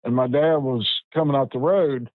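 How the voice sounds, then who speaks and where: A man, telling a personal story as a podcast guest in an unhurried, plain-spoken way with frequent restarts. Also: medium pitch, dry recording, phone-quality sound. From West Virginia. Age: 50s.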